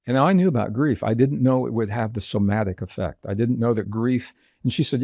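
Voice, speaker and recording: A man with a low, gravelly voice sits for an interview as a guest author, explaining his ideas in a measured, earnest way. His tone is dark and mellow, and he sounds close and dry. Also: no echo. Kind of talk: reflective interview storytelling.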